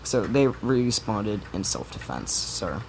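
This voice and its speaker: A man voicing a stern but fair female teacher who firmly lectures a boy, a little lower and quieter than his usual talk. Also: big pitch swings, slow, slight background noise, heavily acted, poor audio.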